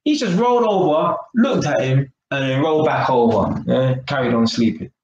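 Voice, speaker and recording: A man talks straight to his live-stream audience in a loose, chatty way, tagging his points with quick checks to his listeners. His voice sits at an ordinary pitch. It sounds roomy, with a faint hiss behind it. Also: lively intonation, darkish tone, muffled recording. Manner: chatty, peppered with tag questions. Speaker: vlogger. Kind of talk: live-stream rant to viewers.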